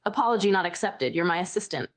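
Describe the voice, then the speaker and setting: A woman's voice: on the low side, animated, quick pace, natural voice. A synthetic woman voicing a bossy, teasing chatbot girlfriend. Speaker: AI companion voice. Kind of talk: text-to-speech role-play narration.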